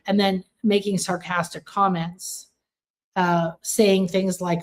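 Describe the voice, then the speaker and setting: A woman with a somewhat low voice hosts a live stream of spiritual readings. She talks to her viewers in an earnest, emphatic way and repeats words to stress them. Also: little pitch movement, takes it slowly. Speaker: intuitive reader hosting a live stream.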